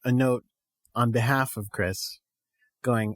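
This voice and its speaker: A man's voice: on the high side, big pitch swings, moderate pace, no room sound. A man co-hosting a casual fan podcast, laughing often and acting out characters' lines as he talks. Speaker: podcast co-host.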